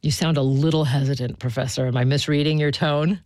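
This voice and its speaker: A woman hosts a public radio interview from a studio. She asks measured, probing questions and keeps them loose with casual fillers. The sound is dry and close, with no room around it. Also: sits low, fairly even intonation, darkish tone, no echo. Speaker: radio show host. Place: studio in Boston.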